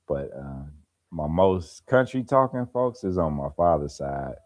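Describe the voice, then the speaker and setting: A low-pitched, sing-song man speaks at a measured pace with a darkish tone, though the audio sounds dull. Laid-back and chatting casually on a live stream, he tells stories and laughs along, with an African American Vernacular English accent from the American Midwest or East Coast.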